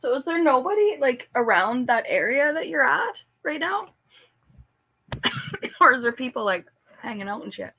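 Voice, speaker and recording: A hoarse woman chatting casually on a live stream, giggling often. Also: sits high, very animated, moderate pace, pauses often, sharp tone, dry recording, rough recording. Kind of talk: casual chat.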